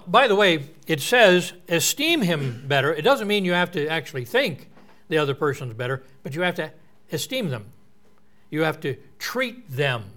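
Man, preacher, earnest sermon, slightly high-pitched, explains scripture. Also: fairly bright tone.

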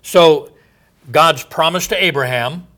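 A man teaching from the Bible in a sermon, reading verses aloud with emphasis and pausing with many fillers. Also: fairly high pitch, fairly bright tone.

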